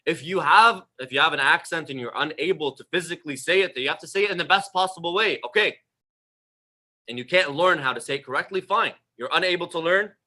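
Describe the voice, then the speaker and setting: This religious teacher is a young man whose voice sits a little high, bright and forceful, moving at a quick pace. He gives an informal sermon on prayer, speaking emphatically and conversationally and frequently repeating phrases.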